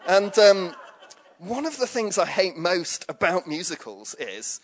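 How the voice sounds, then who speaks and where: A man's voice: high voice, very animated, unhurried. A man preaching a conversational sermon, chatty and jokey, with lots of asides.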